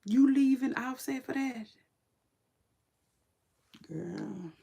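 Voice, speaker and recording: A woman with children chats outspokenly on a live stream as a commentary vlogger reacting to celebrity gossip, laughing often and using slang. Her voice sits high yet has a dark tone, and it's very slow, creaky and slightly rough.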